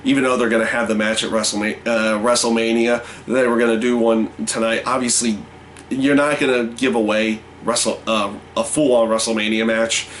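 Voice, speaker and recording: A man giving a casual spoken review of a wrestling show, halting, full of fillers and restarts. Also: medium pitch, little pitch movement, a bit bright, slight background noise.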